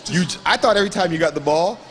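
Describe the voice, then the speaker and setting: A young man from Grenada, a bodybuilder with a Grenadian accent, recounts his story during a gym interview with rapid-fire delivery and a voice that sits high. Animated and laughing often, he performs the voices of whoever he quotes.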